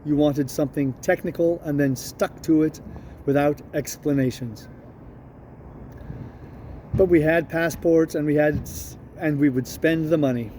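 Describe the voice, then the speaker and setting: Mellow-voiced man reading a novel. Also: on the high side, a little hiss or hum. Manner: steady, unhurried reading with small self-corrections. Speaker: audiobook reader.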